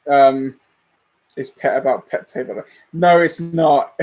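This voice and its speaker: A man's voice: mid-range voice, steady tone, takes it slowly, a little mellow, rough recording. A young man, rambling candidly and self-deprecatingly as a movie channel host in a casual livestream chat.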